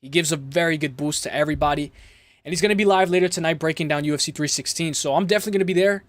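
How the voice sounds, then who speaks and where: Young toronto guy on a stream, kinda high voice, dry close mic, rambly shout-outs. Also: rapid-fire, no room sound. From Toronto, Canada. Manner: rambling, hype shout-outs, frequent fillers. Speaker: livestream host. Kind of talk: casual livestream chat reading comments.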